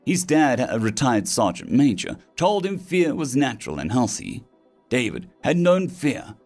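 Expressive male sci-fi story narrator. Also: medium pitch. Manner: dramatic, expressive reading. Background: faint background music.

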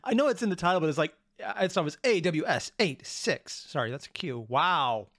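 A man hosting a reaction video, excitable and rambling, with self-deprecating asides, on a close mic. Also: on the high side, a little fast, no echo. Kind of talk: reaction commentary.

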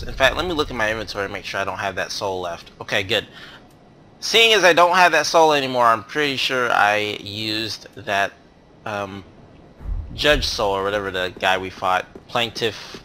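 A man's voice: fairly low pitch, animated, moderate pace, pushed and bright, slight background noise. A man hosting a let's play, talking through his game in a rambling, self-correcting, chatty way. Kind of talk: casual gameplay commentary.

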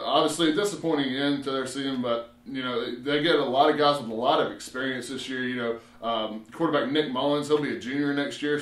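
A man co-hosting a local sports show, breaking down high school football with lots of filler words. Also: fairly bright tone. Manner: rambling, many "you know" fillers. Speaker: sports reporter co-host. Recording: roomy echo.

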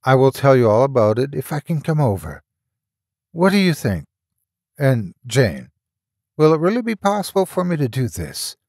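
A woman's voice: deep voice, very animated, normal speed, no echo, studio quality, voice pushed up. A man voicing a delighted young woman on a long-distance call, eager and pleading. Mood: excited.

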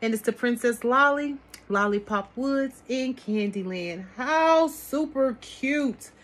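A woman's voice: fairly high pitch, slow. A woman vlogging an unboxing of a haul, gushing over each item and talking to her viewers as sis and y'all. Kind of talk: product unboxing chat.

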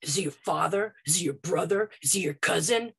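A woman's voice: on the low side, brisk, gravelly, a bit bright, slightly rough, full character voice. A woman voicing a mean schoolboy bully who mocks and chants taunts. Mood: mocking. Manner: jeering, chanting.

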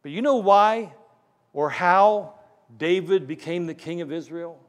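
A man's voice: sits high, a little slow, long reverb tail. A man preaching a sermon as pastor, retelling a Bible story with acted-out lines of dialogue.

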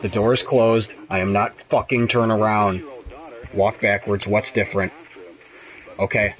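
A man's voice: fairly low pitch, level tone, unhurried, fairly bright tone. A young man commenting on a horror game, frightened and swearing as he talks to himself. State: shaking with fear. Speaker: gamer.

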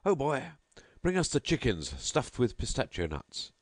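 A man's voice: sits low, very animated, moderate pace, no echo, clean studio sound. A man voicing a lavish, mocking nobleman host who presses his guest with grand, insistent hospitality. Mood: grandly insistent.

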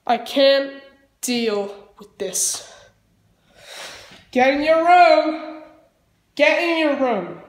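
A woman's voice: high voice, animated, drawn-out words, long pauses, reverberant, heavily acted. A woman playing an exasperated mother who firmly scolds her child and gives orders. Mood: stern. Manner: firm, scolding, giving orders. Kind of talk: fan parody voice acting.

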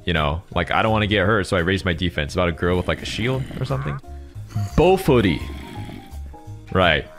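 A man's voice: sits low, lively intonation, fairly quick, gravelly, music in the background. A man chatting casually as a streamer, drawling and hesitant as he searches for words. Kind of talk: casual chat.

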